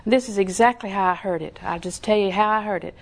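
A woman's voice: medium pitch, quick pace, vocal fry. A woman preacher giving a conversational sermon, telling homespun stories with laughing asides, acting out other people's voices and dropping into whispers for emphasis. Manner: animated storyteller who acts out voices and drops to whispers.

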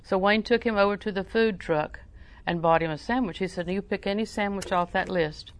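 A woman's voice: mid-range voice, a little fast. An older woman preaching a sermon in a folksy, storytelling way, with emphatic repetition.

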